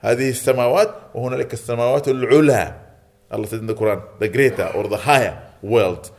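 A man delivers an earnest sermon inside a mosque, at an ordinary middle pitch. He drives his points home by repeating them and keeps checking in with the congregation. He slips easily into Arabic phrases and recitation. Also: very fast, darkish tone. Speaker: preacher.

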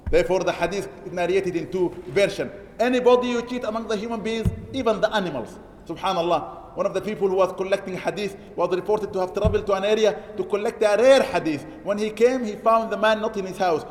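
A man's voice: high voice, fast talker. A man delivering an emphatic Eid sermon in a mosque, quoting Arabic verses and then translating them. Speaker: imam preaching an Eid sermon. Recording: echoey hall.

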